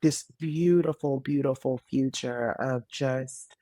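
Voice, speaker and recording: A woman in her late thirties, a podcast guest, telling her story in casual conversation, earnest and animated with frequent fillers. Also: very deep voice, slow, no echo, studio quality. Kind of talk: casual interview testimony.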